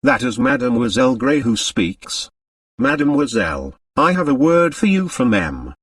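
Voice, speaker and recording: A man's voice: medium pitch, sing-song, moderate pace, breathy edge, no room sound. A man voicing the detective Hercule Poirot, speaking with neat, precise intonation. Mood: polite. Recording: dry, slightly distant mic.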